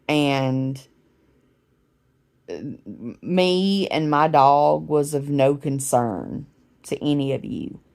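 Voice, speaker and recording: Low, slow-talking woman in her forties. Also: creaky, darkish tone. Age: 40s. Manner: rambling, chatty storytelling with many fillers. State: unwell, recovering from a head injury. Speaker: vlogger. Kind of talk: casual talking-to-camera vlog. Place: at home, sitting in a recliner.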